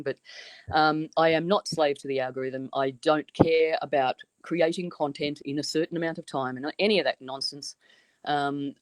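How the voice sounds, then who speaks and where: A woman's voice: low voice, no room sound. An Australian woman chatting easily as a guest on a podcast. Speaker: podcast guest, weather show creator. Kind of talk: casual chat.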